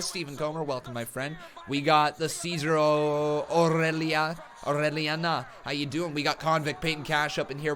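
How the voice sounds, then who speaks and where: A man hosting a wrestling live stream, giving excitable, ranting reactions and talking straight to his chat. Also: a little high.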